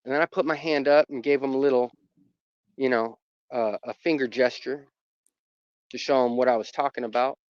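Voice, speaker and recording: A man's voice: mid-range voice, steady tone, moderate pace, pauses often, no room sound. Rambling man telling a story, muffled. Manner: rambling, lots of fillers and restarts. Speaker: dog owner telling a personal story. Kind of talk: casual storytelling. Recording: muffled dry recording.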